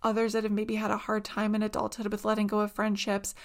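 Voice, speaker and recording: A woman's voice: medium pitch, monotone, fast. A woman in her twenties hosting a casual solo podcast, telling rambling stories with lots of "like". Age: 20s. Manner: rambling, chatty storyteller, heavy use of "like". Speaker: podcast host.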